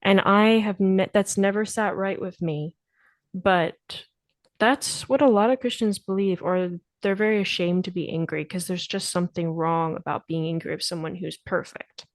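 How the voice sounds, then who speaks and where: A woman interviewer asking thoughtful, measured questions about faith. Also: on the low side, steady tone, dry recording.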